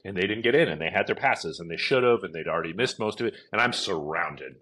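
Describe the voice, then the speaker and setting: A middle-aged man, a company executive, chatting casually in an interview, filling his stories with "like" and "you know" and acting out shouted quotes. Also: deep voice, lively intonation, fast, slightly rough. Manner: chatty, many fillers, acts out shouted quotes. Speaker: events company CEO, podcast guest.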